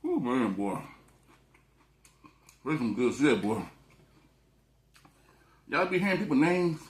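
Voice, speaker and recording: A man vlogs while eating on camera, rambling through loose, profane stories in a casual way. His mid-range voice moves slowly with big pitch swings, and the room sounds echoey.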